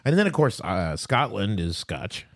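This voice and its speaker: A middle-aged man hosting a podcast, telling a story in a lively, animated way. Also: fairly low pitch, measured pace, no echo, clean studio sound.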